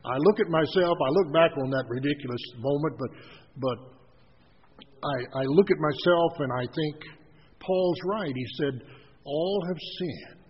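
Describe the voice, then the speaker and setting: Husky folksy preacher man. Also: fairly high pitch, normal speed. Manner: storytelling, folksy with humorous anecdotes. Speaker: pastor. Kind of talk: sermon. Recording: dull recording with long hall reverb.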